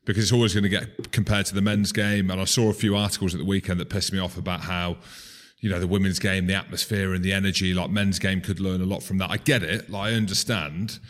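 A man's voice: sits low, fairly even intonation, quick pace. A man co-hosting a rugby podcast, chatty and self-mocking as he runs through players. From Scotland. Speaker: podcast co-host. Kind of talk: casual rugby chat.

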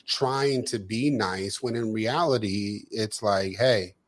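A man's voice: fairly low pitch, takes it slowly. A man co-hosting a podcast, ranting and acting out both sides of conversations. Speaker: podcast co-host. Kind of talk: casual chat.

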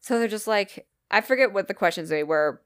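A woman co-hosting a podcast, telling a story in a rambling, animated way, full of "like" and casual swearing. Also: medium pitch, brisk, smooth, no echo, clean studio sound. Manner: rambling, animated, swears freely, fillers like "like" and "kinda". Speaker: podcast co-host.

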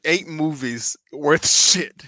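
A man's voice: on the high side, slow, pushed and bright. A young man co-hosting a podcast in casual chat, blunt and joking, swearing freely. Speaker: podcast co-host.

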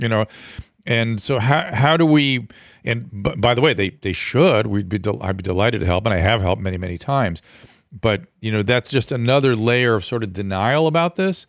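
A man hosting a panel talk on youth mental health, measured and thoughtful, with fillers and restarts. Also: on the low side, no echo, studio quality. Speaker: host. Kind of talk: moderating a panel discussion.

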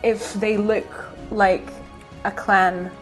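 A woman's voice: medium pitch, little pitch movement, slow, faint music behind. A woman playing a tabletop game, giving brief, hesitant replies to the game master. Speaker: player. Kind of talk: casual tabletop game play.

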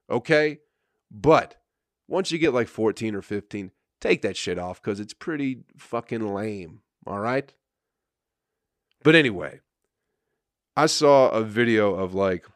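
Low-voiced man ranting crudely. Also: no echo, clean studio sound. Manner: crude, swearing, mocking. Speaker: podcast host. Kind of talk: profane comedic rant.

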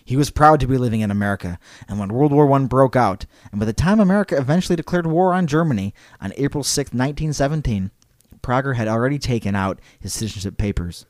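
A man hosting a storytelling podcast, casual and digressive, who stops now and then to read quotes aloud. His voice sits at a middle pitch, recorded close and dry with no room sound. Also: expressive, quick pace, dry recording. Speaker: podcast host.

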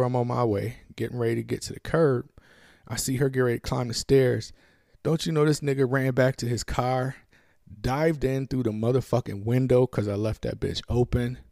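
Male storyteller, gravelly, dry close mic, profane and animated. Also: mid-range voice, dry recording. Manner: profane, animated retelling with acted-out dialogue. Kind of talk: casual storytelling.

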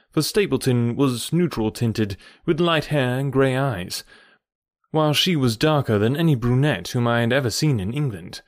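A man reads a classic novel aloud with measured, descriptive storytelling. His voice sits in the middle range for a man. The studio recording is dry and close, with little room sound. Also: mid-range voice, no room sound. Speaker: audiobook narrator. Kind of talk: scripted narration of a classic novel.

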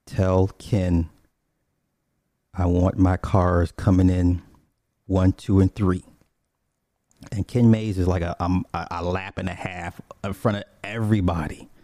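A deep, mellow-voiced man rants in a loose, rambling way, swearing freely and wandering off on tangents. The sound is close and dry, with no room around it. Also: no room sound. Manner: profane, rambling, digressive. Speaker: commentator on online streamers. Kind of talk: casual ranting commentary.

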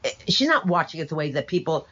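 A woman's voice: sits low, big pitch swings, quick pace, a bit bright, breathy edge, highs cut off. Opinionated older woman, emphatic and sardonic. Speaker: interview guest. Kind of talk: conversational interview.

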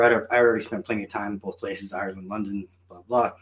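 A man telling stories in a casual chat, animated and self-mocking. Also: on the low side, fast. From United States. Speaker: guest.

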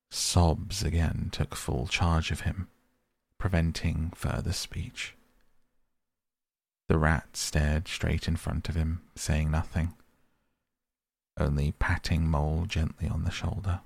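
A man reading a classic children's book aloud in a soft, gentle bedtime style on a close mic. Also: extremely low pitch, vocal fry, dry recording. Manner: gentle, unhurried. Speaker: audiobook narrator.

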